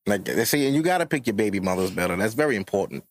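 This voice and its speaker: A man's voice: on the low side, lively intonation, rapid-fire, dry recording. A man in his thirties hosting a podcast, talking bluntly and profanely in casual chat. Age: 30s. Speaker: podcast host.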